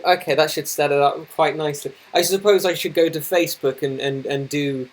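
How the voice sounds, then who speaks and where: A man's voice: on the high side, fairly even intonation, brisk, few pauses. A young man live streaming at his computer, flustered and apologetic, rambling with many restarts. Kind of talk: casual live-stream chat. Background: noisy laptop fan.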